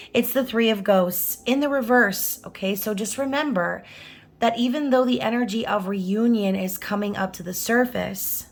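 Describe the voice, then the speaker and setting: A woman reading tarot cards to camera in a chatty, reassuring way, often checking in with "okay?". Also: medium pitch. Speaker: tarot reader.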